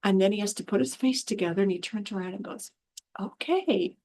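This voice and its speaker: A woman in a casual spoken monologue, middle-pitched with a gravelly, creaky edge to her voice. She tells stories in an unguarded, exasperated way and acts out the people she quotes. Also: fast, warm tone. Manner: chatty storyteller acting out quotes in changed voices; frank, exasperated asides. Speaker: animal communicator and spiritual healer. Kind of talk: casual talking-to-camera monologue.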